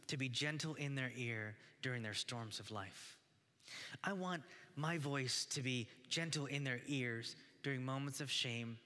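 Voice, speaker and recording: A man in his thirties preaching earnestly to fathers, his voice bright and forward. He stops and restarts often as he exhorts. A long reverb trails behind every phrase, as in a large hall. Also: medium pitch. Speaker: pastor. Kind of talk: sermon.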